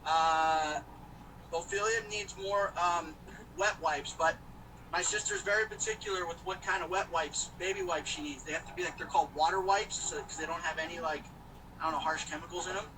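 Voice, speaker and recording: A man's voice: a little high, lively intonation, fairly quick, sharp tone, far from the mic, a little hiss or hum, low-quality recording. A man chatting casually on a live stream while he drives, joking and rambling to his viewers. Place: in a car. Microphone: phone.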